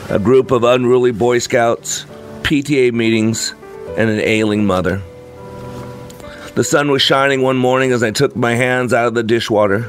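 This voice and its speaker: A man's voice: medium pitch, normal speed, soft background music. A man reading a first-person story aloud in a reflective, earnest manner. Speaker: narrator.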